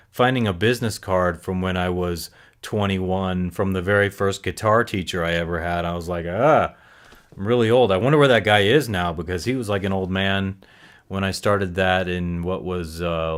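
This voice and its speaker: A man's voice: deep voice, smooth. A man in his forties musing aloud in a casual recovery vlog, rambling and correcting himself as he reflects. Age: 40s. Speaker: recovery vlogger.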